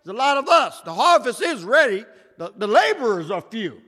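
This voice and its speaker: A man preaching a sermon, shouting at times and swinging between loud and soft. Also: sing-song, normal speed, slightly rough. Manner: preaching with shouts and wide swings in pitch and loudness. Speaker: pastor. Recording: echoey hall.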